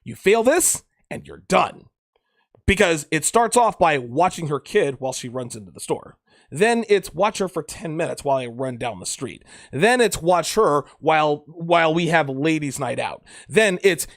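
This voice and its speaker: Animated, profane man giving blunt advice. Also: on the high side, normal speed, dry recording, clean studio sound. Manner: blunt, profane, emphatic, repeats himself. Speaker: dating advice podcast host. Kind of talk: crude casual monologue.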